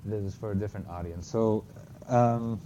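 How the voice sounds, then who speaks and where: A man's voice: fairly low pitch, fairly even intonation, normal speed, dark tone. Guy giving a phonetics talk, keeps fixing his own wording, kinda muffled lo-fi recording. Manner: explanatory, self-correcting, apologetic asides. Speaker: linguistics lecturer. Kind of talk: academic talk with slides. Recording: slightly dull lo-fi lecture recording with faint noise.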